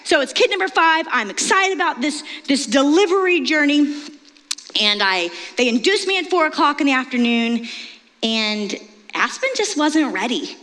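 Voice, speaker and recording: A middle-aged woman pastor with a light Texan accent preaches in a lively storytelling way. Her voice sits high, and it rings out with a long reverb in a large church hall. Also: normal speed. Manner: lively storytelling, confiding and animated. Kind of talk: sermon.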